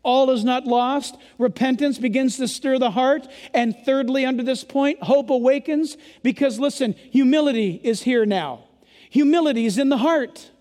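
A male pastor preaching a sermon to his church during a service, speaking emphatically and sometimes yelling. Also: very high voice, normal speed, in a large hall.

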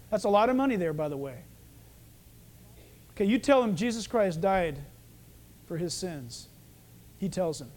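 A man's voice: high-pitched, normal speed, pauses often. A man preaching a sermon as pastor, telling stories and acting out the dialogue. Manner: animated storytelling, acting out dialogue.

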